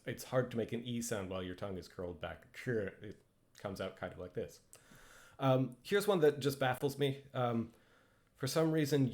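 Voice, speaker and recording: A man's voice: mid-range voice, darkish tone. A man casually teaching pronunciation over slides, hesitant and self-deprecating, with frequent ums and restarts. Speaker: language instructor.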